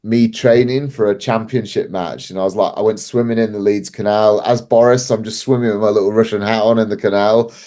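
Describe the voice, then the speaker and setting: Man, podcast guest, casual storytelling, somewhat low pitch, laughs a lot. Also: fairly even intonation, a little fast, hardly any pauses, dark tone. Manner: chatty, laughs often, peppers speech with "like". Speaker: wrestling promoter guest.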